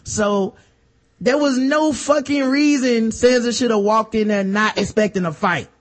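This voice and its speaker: A man's voice: very high-pitched, measured pace. A man hosting a casual podcast, joking through a slangy, crude episode recap. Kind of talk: casual chat.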